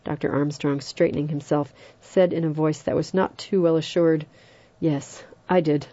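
Low, dark-voiced woman reading an audiobook. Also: fairly even intonation, normal speed, muffled recording. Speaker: audiobook narrator.

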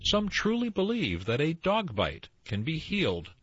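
Man, tall-tale storyteller, husky voice, swooping lively delivery, dull dry recording. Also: a little high, measured pace, no echo. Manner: animated, expressive storyteller. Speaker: storyteller and co-host.

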